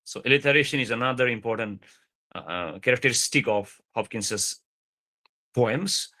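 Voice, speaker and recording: A man's voice: medium pitch, moderate pace, sharp tone. A man giving a university lecture over a video call, explaining patiently, repeating phrases for emphasis, with frequent uh fillers. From India. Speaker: guest lecturer.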